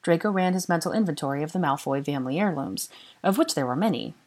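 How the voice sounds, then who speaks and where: A woman narrating a fan fiction audiobook in a measured storytelling manner. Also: deep voice, lively intonation, a little mellow.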